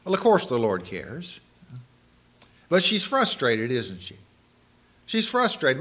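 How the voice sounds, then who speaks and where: A male preacher giving a sermon, animated and full of rhetorical questions to the congregation. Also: medium pitch, slow pace, pauses often.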